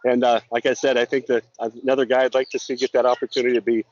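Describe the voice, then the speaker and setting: Phoning in as a guest, this middle-aged Montana law enforcement officer chats casually with a quick pace, flat delivery, and a mid-range voice of darkish tone. His manner is earnest, and he repeats words frequently. The line sounds a bit dull with faint background noise.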